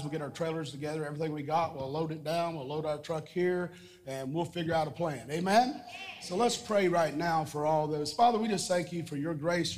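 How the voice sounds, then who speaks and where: A man's voice: a little high, darkish tone. A man preaching a sermon with prayer and call-and-response, emphatic and repetitive. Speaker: pastor. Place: church sanctuary. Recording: church hall reverb.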